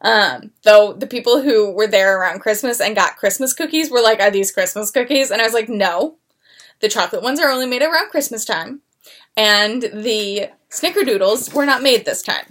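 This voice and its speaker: A young woman co-hosting a casual podcast, her voice sitting a bit high. She chats loosely and tells stories, slipping into other people's voices when she quotes them. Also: moderate pace, fairly bright tone. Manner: chatty storyteller, acts out coworkers' lines. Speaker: podcast co-host. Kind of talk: casual chat.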